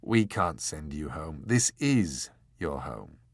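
A man's voice: very deep voice, sing-song, takes it slowly, breathy edge, no echo, voice pushed down, exaggerated voice. A man voicing a suave, unsympathetic man in an audiobook, speaking in a cool, dry, matter-of-fact way. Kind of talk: audiobook character voice.

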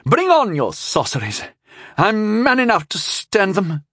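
A man acting out a proud young knight who growls his demands in a raised, strained voice. He sounds stubborn and quick to anger in this storybook reading. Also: sits high, huge pitch swings, fairly bright tone, dry recording, studio quality, voice pushed up, exaggerated voice. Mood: angry. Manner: gruff, demanding.

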